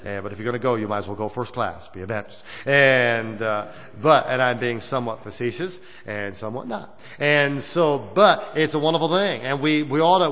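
A man's voice: mid-range voice, a little fast, few pauses, a bit bright. A man preaching a sermon to a church congregation, in a folksy, rambling way that circles back on its phrases. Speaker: Baptist preacher. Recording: long reverb of a church hall.

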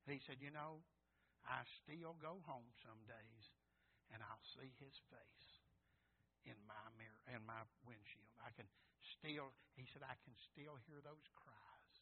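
A man preaching a sermon, moving from hushed, halting storytelling to loud, high cries. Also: breathy edge. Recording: tinny phone-like line.

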